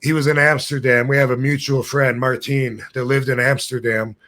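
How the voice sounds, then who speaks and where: A man's voice: mid-range voice, little pitch movement, moderate pace, a bit bright. A man in his fifties hosting a podcast, telling a long, wandering story in a casual way, often losing his thread and laughing at his own tales. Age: 50s. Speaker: podcast host.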